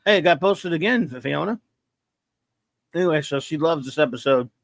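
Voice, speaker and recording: A man's voice: fairly high pitch, lively intonation, normal speed, creaky. A man hosting a casual live-stream review, rambling and joking as he reads viewer chat aloud. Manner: rambling, joking, stumbles over words. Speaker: show host reading viewer chat.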